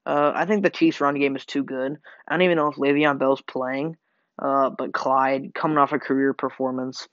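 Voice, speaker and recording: A man's voice: medium pitch, steady tone, moderate pace, fairly bright tone, no echo. A man hosting a sports podcast, rambling through game predictions with lots of fillers and self-corrections. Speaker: podcast host. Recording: dull lo-fi home mic.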